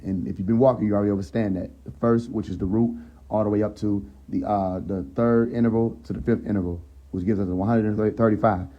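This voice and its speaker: A man hosting a casual live stream who teaches from scripture and keeps checking in with his listeners, slowing down and lifting his voice when he reads verses aloud. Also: on the low side, steady tone, highs cut off. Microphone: phone.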